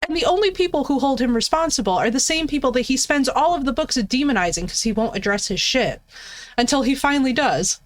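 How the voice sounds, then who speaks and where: A woman game streamer ranting casually to her chat in an animated, profane, emphatic way. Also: sits high, brisk. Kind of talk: casual livestream rant to chat.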